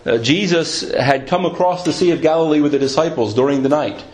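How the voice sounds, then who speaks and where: A man's voice: on the high side, brisk, a little mellow. A man preaching a sermon, retelling a scripture story in a storytelling manner and lifting his voice at dramatic moments. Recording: roomy echo.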